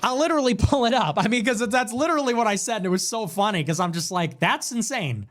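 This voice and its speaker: A man's voice: high voice, lively intonation, fast, a bit bright. A man hosting a political livestream in a casual, mocking rant, mimicking his critics. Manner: mocking, quotes critics in exaggerated voices. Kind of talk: casual ranting commentary.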